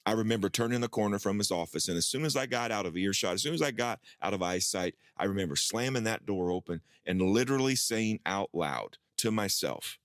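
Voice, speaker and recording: A pastor telling a personal story in a sermon, acting out his own past dialogue with lively rises in pitch. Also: brisk, hardly any pauses, no room sound, studio quality.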